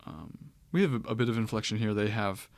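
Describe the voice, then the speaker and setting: A man with a low, gravelly voice gives a relaxed grammar lesson. He explains step by step and pads his sentences with fillers. The sound is dry and close, with no room echo. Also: fairly quick. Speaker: Greek grammar teacher. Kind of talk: screen-share lecture.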